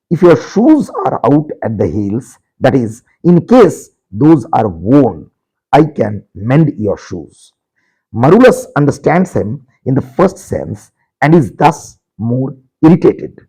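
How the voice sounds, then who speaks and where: A man teaching a literature lesson, slowly repeating and explaining each word and addressing his students directly. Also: fairly high pitch, dark tone, slightly rough, low-quality recording. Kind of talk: explanatory lecture.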